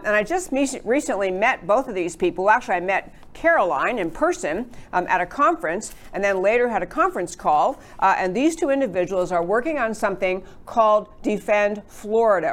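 A woman's voice: mid-range voice, animated, moderate pace. A woman hosting a political talk show, chatting with rambling asides as she introduces her guests. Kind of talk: conservative talk show monologue.

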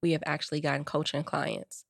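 Woman, low pitch, dry, casual podcast chat, acts out quotes. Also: flat delivery, a little fast, gravelly, no room sound. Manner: chatty, storytelling with quoted voices. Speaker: podcast co-host.

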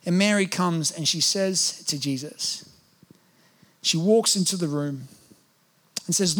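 A man's voice: a little high, slow pace, pauses often, a bit bright. A man, preaching a sermon as a pastor, earnest, and at times acting out prayers in a pleading voice. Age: 30s.

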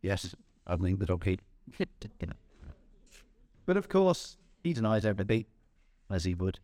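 Animated male preacher, lively pitch. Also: measured pace, no room sound. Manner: animated storyteller, chuckles at own jokes. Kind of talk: sermon with storytelling.

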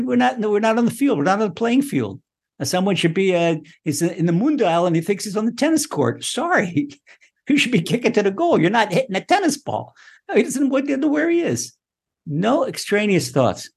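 Husky, animated man teaching Torah. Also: sits high, moderate pace. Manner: animated, repetitive, acts out prayers; laughs often. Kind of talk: Torah lesson.

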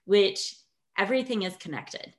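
A woman's voice: medium pitch, animated, normal speed. A woman hosting a casual sit-down interview. She talks in a friendly, chatty way, full of "like" and "sort of." Her voice sits in an ordinary middle register. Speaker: interview host.

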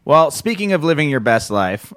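A man's voice: a little high, very animated, moderate pace, a bit bright, dry recording, clean studio sound. A man hosting a podcast in a joking, profane, rambling way. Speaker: podcast host. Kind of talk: casual podcast chat.

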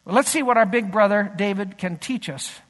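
High-voiced pastor in a reverberant hall. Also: male voice, normal speed. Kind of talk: sermon.

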